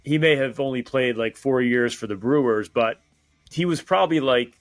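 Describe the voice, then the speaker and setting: A man's voice: medium pitch, moderate pace, no echo, soft background music. Male author guest, thoughtful and rambling, leans on "right?"; dry close sound. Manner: reflective, lots of "like" and "right?". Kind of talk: casual interview chat.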